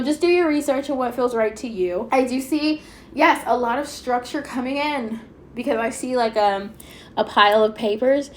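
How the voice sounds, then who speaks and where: A woman with a fairly high voice reads tarot cards for her viewers in a chatty, excitable way, full of fillers. Her nose sounds slightly stuffy. There is a faint hiss of noise in the background. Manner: chatty, excitable, fast-talking with many fillers. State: a little stuffy-nosed. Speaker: tarot reader. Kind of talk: pick-a-card tarot reading.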